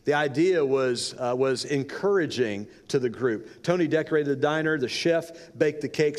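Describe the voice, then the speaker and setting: During a sermon, a male pastor tells a story dramatically, shifting his pace for effect. His voice is slightly high with a darkish tone, echoing with long reverb in a large hall.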